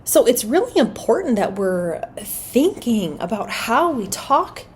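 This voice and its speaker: A woman's voice: on the high side, big pitch swings, measured pace, a little mellow. A woman hosting a solo podcast on parenting, talking earnestly and conversationally and asking her listeners rhetorical questions. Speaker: podcast host.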